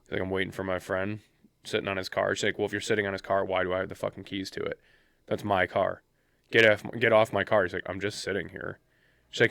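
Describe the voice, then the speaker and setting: A man's voice: deep voice, flat delivery, fast talker, gravelly, a bit bright, dry recording, studio quality. A man co-hosting a podcast, telling stories in casual chat with lots of swearing and heated outbursts. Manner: profane, heated storytelling. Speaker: podcast co-host.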